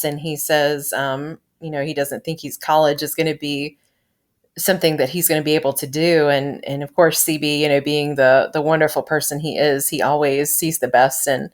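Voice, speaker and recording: A chatty woman with a low-pitched voice talks through a TV episode review in a casual vlog. She giggles often and pads her talk with fillers. Her tone is loose and unscripted. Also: flat delivery, normal speed.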